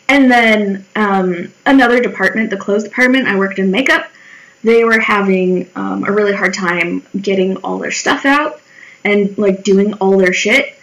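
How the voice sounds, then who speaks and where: A woman's voice: medium pitch, animated, moderate pace, fairly bright tone, low-quality recording. A young woman chatting casually in a vlog while she draws, candid and swearing freely, often mimicking the people in her stories. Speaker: vlogger. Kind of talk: casual chat while drawing.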